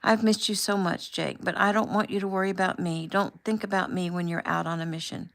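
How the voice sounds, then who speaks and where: A woman voicing a young newlywed wife, excited and emotional, raising her voice with a slight gravelly edge. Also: brisk. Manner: excited, higher and louder.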